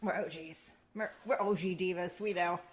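A woman's voice: fairly low pitch, normal speed. A woman co-hosting a casual chat show, teasing her partner and telling stories playfully. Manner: playful teasing, animated storytelling with laughs. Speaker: co-host.

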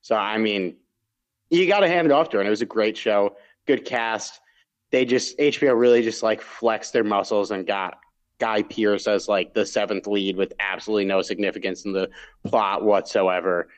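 A podcast co-host chats casually about TV shows he has watched, rambling with restarts and asides as he reviews them. His pitch is fairly low and his pace moderate.

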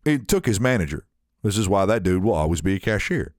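A man telling a long story in casual chat, animated and full of restarts. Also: low voice, fast, no echo, studio quality. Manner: animated, frequent restarts, mimics others in story.

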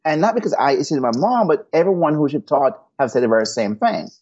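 A man speaks in an earnest, almost preacherly way as a podcast guest, telling personal stories. His voice is husky. The audio is muffled and lo-fi. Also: a little high, lively intonation, fairly quick, a little mellow. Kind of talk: podcast interview answers.

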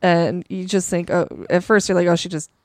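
A woman's voice: on the low side, fairly even intonation, normal speed, no echo. A woman co-hosting a casual podcast chat about a film, chiming in playfully. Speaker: podcast co-host. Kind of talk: casual movie recap chat.

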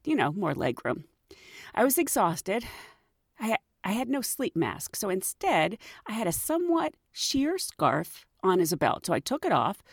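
Casting: middle-aged woman podcast host, animated, laughs a lot, very lively up and down, dry close mic. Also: lowish voice, creaky, slightly rough, dry recording. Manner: chatty, laughs often, animated. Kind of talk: storytelling podcast.

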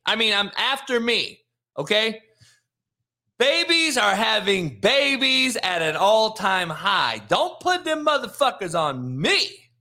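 A man's voice: high-pitched, very animated, takes it slowly, sharp tone. A middle-aged man hosting a live sports show, ranting in a heated, profane way, mocking his chat and laughing between lines. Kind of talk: live-streamed sports rant.

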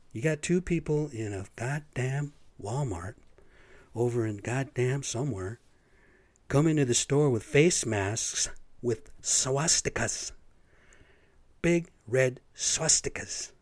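A man's voice: mid-range voice, unhurried, no room sound. Profane rambling podcast man, dry sound. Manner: profane, rambling, animated storytelling. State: stuffy nose. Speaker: podcast host. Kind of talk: casual monologue rant.

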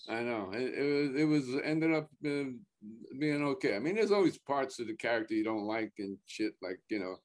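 A man's voice: mid-range voice, animated, brisk. A man chatting casually as a guest actor, starting over and repeating words, swearing offhand. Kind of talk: casual podcast chat.

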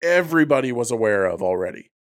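A young man co-hosting a podcast in casual chat, laid-back and swearing, slowing down to make his points. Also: medium pitch, big pitch swings, no room sound, studio quality. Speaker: podcast co-host.

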